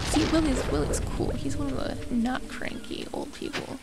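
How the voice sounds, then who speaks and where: A woman's voice: high-pitched, normal speed, few pauses. A young woman streamer rambling through casual game commentary, self-mocking and chatty as she talks to herself. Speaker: gaming streamer. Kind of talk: casual let's-play commentary. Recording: steady background noise.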